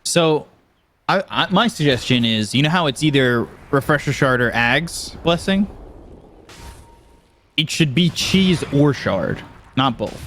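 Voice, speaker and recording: A man casting a live esports match, calling the action in quick excitable bursts. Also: medium pitch, a little hiss or hum. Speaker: esports caster. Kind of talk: play-by-play commentary.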